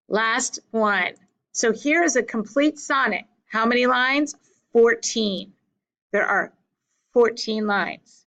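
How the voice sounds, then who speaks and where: A woman's voice: mid-range voice, a bit bright, poor audio. A woman teaching a class in a patient, repetitive way, counting out beats aloud. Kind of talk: classroom lecture.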